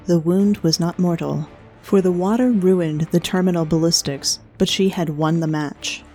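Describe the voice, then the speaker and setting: A woman narrates a story in a measured, even manner. Her voice is low and mellow. Faint music plays under her.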